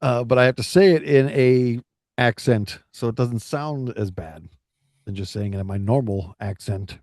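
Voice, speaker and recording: A man with a mid-range, darkish voice co-hosts a podcast at a normal speed. He chats casually, rambling and restarting often, and the studio recording is clean with no room sound.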